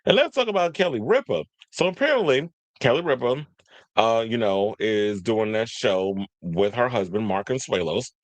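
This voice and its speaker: A man's voice: mid-range voice, big pitch swings, normal speed, no echo. A man hosting a casual pop-culture show, chatty and rambling, often losing track of names. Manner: chatty, tangential, forgets names. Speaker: podcast host.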